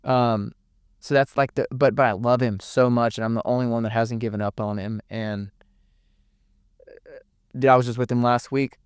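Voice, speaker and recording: A man's voice: mid-range voice, steady tone, normal speed, pauses often, clear, resonant tone, no echo, clean studio sound. A young man giving an earnest, emotional podcast interview, swearing freely and repeating words as he talks. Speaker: podcast guest. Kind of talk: candid emotional interview talk.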